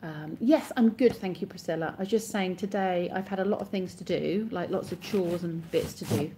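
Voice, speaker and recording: A woman's voice: fairly low pitch, normal speed, mellow. A woman in her thirties, chatting casually on a live stream and answering viewers' comments as they come in.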